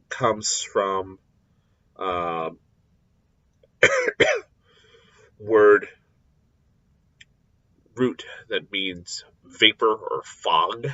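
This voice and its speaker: A man giving a recorded scripture lecture, explaining deliberately with frequent pauses and fillers. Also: deep voice, a bit bright, no room sound, muffled recording. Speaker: Bible teacher.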